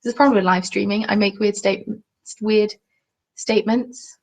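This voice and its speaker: Chatty woman with a gravelly edge. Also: mid-range voice, fairly even intonation, a little fast, rough recording. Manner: chatty and self-deprecating, apologetic asides. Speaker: crafting livestream host. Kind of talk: casual live-stream chat, reading comments.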